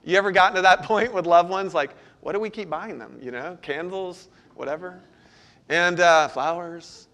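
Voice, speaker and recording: A male pastor delivering a sermon in an earnest, steady way. His voice sits a little high for a man, and he moves between reading scripture aloud and voicing heartfelt pleas. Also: moderate pace. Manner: earnest, pleading when voicing prayers.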